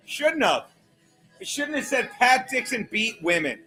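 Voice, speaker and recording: A man's voice: very high voice, big pitch swings, unhurried, sharp tone, soft background music. A man hosting a casual livestream, rambling through a profane, self-mocking rant. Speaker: livestream host. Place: home livestream.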